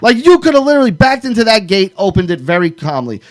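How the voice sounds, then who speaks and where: A man co-hosting a podcast in casual chat, ranting in an animated, profane way. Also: sits high, quick pace, dry recording, studio quality. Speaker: podcast co-host.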